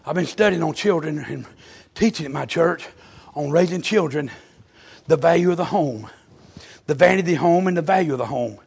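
A man preaching a fervent revival sermon in a church, moving between quiet storytelling and loud shouted exclamations. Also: a little high, fairly quick, creaky, breathy edge. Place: church sanctuary.

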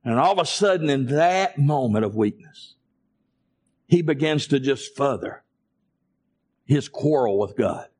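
A male pastor preaching a sermon, calling out to the congregation and building up to impassioned, near-shouted passages. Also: medium pitch, animated, measured pace, long pauses, breathy edge. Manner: calls to the congregation in a Southern US vernacular.

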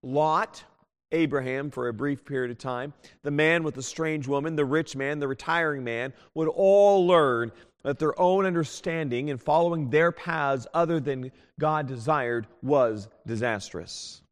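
Earnest preacher in a reverberant hall. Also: male voice, fairly high pitch. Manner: earnest, pleading, quick swings from loud to hushed. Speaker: pastor. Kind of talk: sermon.

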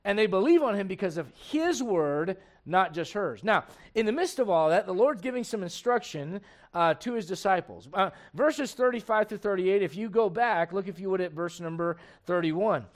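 A man's voice: sits high, lively intonation, moderate pace. A man pastor preaching a casual, conversational sermon to his congregation and reading scripture aloud.

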